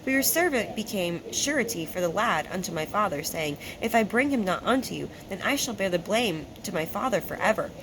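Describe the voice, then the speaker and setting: A woman's voice: mid-range voice, expressive, a little fast, hardly any pauses, noisy background. A woman teaching scripture, reading passages aloud and then retelling them in casual words with fillers.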